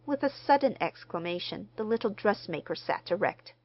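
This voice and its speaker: A woman narrating an audiobook in a measured, expressive reading. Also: medium pitch, no room sound, dull audio. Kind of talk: scripted narration.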